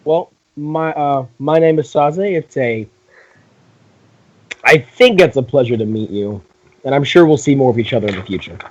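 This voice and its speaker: A man's voice: medium pitch, moderate pace. Polite man player, lo-fi audio.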